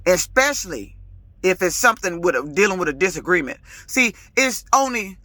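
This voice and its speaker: A lease-purchase woman trucker talks straight to camera in a casual vlog rant. Her voice is bright and forceful, emphatic and quick to get heated. The sound is dry, with no room around it. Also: lowish voice, sing-song, dry recording. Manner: emphatic, authoritative, gets loud and heated; colloquial, repeats words when fired up.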